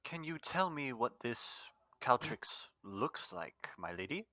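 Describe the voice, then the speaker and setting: A male tabletop player speaking in character with courtly politeness. His bright voice moves lively through its pitch and sits a bit off the mic. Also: slow pace, no room sound.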